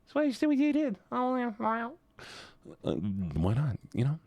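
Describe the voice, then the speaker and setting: A man's voice: high-pitched, wildly swooping pitch, moderate pace, dark tone, no echo. A man streaming live, chatting casually in a rambling, jokey, profane and scattered way.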